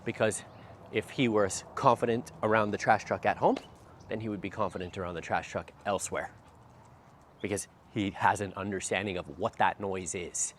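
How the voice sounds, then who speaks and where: With a lowish voice, steady tone and normal pace, this dog trainer explains as he walks a dog outdoors near a street. He keeps asking "right?" after brief phrases, and faint outdoor sounds come through.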